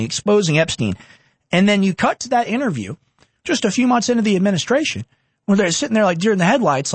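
Young man in his twenties, political commentary, heated and sarcastic, high voice, dry close sound. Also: husky, no echo. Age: 20s.

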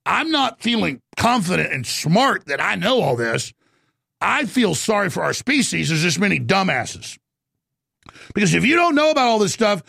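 A ranting male radio host with a very gravelly, high voice, his pitch swinging wildly as he shouts. The studio sound is close and dry. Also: no room sound. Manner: ranting, shouting, rapid-fire. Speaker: radio talk show host. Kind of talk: heated political monologue.

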